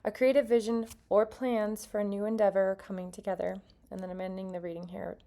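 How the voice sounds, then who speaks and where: A woman reads tarot cards for an online audience, mixing passages from her card book with her own chatty, earnest asides. Her voice sits at a middling pitch with a noticeable gravelly fry running through it. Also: flat delivery, fairly quick, mellow. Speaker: tarot reader. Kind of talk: casual tarot reading to viewers.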